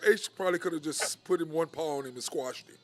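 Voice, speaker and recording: A man's voice: fairly high pitch, fast, heavy background noise. A man hosting a show from a bar, telling stories in casual chat and laughing a lot. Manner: laid-back storytelling, laughs a lot. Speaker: podcast host.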